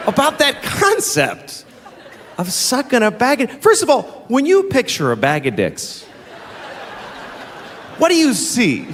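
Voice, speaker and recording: A middle-aged man doing a stand-up comedy set on stage, with exasperated, mocking delivery and sudden high shouts. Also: huge pitch swings, a little slow, pauses often, a faint crowd, a little hiss or hum. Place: large venue with a live audience. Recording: live hall recording with long reverb.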